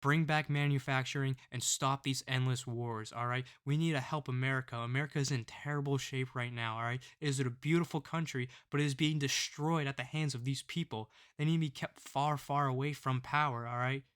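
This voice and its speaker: A man delivering a political commentary vlog with a smooth, resonant voice. He rants with open scorn and keeps driving his points home with a pushy "all right?". The pitch sits at an ordinary middle male level. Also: steady tone, a little fast, hardly any pauses, a bit bright.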